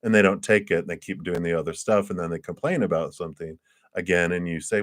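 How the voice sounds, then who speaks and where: Talking fast in a low voice, a man gives a chatty live tarot reading. He laughs a lot and impersonates the people he's describing.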